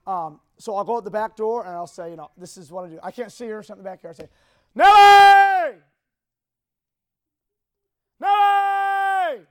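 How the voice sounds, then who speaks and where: A man speaking to a group, telling a personal story in a rambling, halting, emotional way. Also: high voice.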